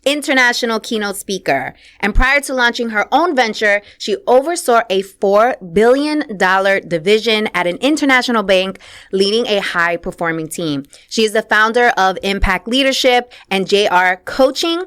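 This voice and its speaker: A woman's voice: medium pitch, animated, moderate pace, fairly bright tone, clean tone. A young woman hosting a podcast in a casual interview chat, upbeat and playful with slangy asides. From Puerto Rican heritage. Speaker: podcast host.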